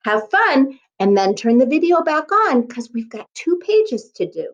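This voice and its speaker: A woman teaching a kindergarten class by video, speaking slowly in a sing-song way and sounding out words letter by letter. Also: high voice, sing-song, dull audio. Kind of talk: remote lesson for young children.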